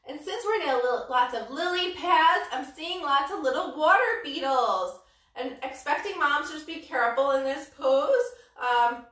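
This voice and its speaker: Bright, high, playful woman yoga teacher. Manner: playful, sing-song, full of wow and so great. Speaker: yoga instructor. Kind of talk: story-led children's yoga class. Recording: echoey room, voice from a distant mic.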